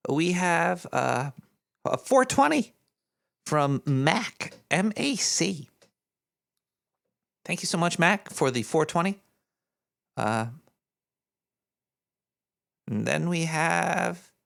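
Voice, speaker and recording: A man doing a gravelly paranoid cartoon rat host. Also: a little high, fairly bright tone, full character voice. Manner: rambling, scatterbrained, jokey asides. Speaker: host reading donations. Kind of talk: rambling live-stream chat.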